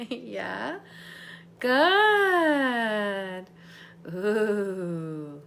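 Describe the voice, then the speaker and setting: Slow-talking woman life coach. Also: a little high, lively intonation, gravelly, a bit bright, a little hiss or hum. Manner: bubbly, laughs often with viewers. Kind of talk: guided visualization and live chat.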